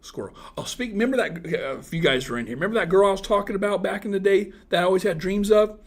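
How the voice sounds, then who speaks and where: Brief: man in his thirties, slightly high voice, hosts a loose livestream, roasts his chat, loud outbursts then low mutters. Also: quick pace. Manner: crude, teasing, joking with chat; swings from loud outbursts to mumbled asides. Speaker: livestream host chatting with viewers.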